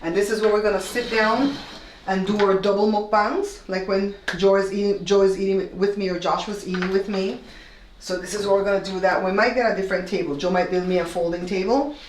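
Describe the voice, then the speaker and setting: A woman's voice: medium pitch, slight background noise. A woman from Belize hosting a casual home tour vlog, explaining things step by step to her viewers. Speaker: host. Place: newly renovated room, indoors. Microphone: camera held by her husband, some distance off. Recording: echoey bare room.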